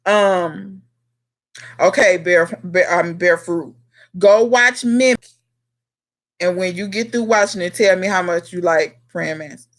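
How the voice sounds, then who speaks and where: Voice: medium pitch, measured pace, a bit bright. Chatty gardener hosting a live Q&A. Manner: chatty, talks straight to viewers by name, scolding in a teasing way. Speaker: livestream host and home gardener. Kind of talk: casual live Q&A chat with viewers.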